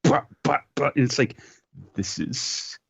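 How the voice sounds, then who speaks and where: A man's voice: mid-range voice, measured pace, vocal fry, fairly bright tone, husky, no echo, muffled recording. A man co-hosting a podcast, chatting casually and retelling scenes with amusement. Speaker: podcast co-host. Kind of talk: casual anime review chat.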